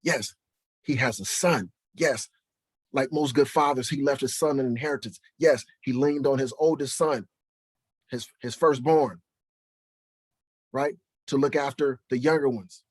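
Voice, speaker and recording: A man's voice: medium pitch, measured pace, long pauses, slightly rough, dry recording. A man preaching and teaching from the Bible, who fires rhetorical questions at his listeners and keeps checking in with "right?". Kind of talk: preaching to camera.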